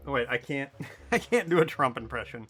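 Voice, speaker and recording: A man's voice: mid-range voice, very animated, brisk, pushed and bright, breathy edge. A man streaming a video game, chatting loosely and jokily with casual swearing. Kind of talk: casual gaming stream chat.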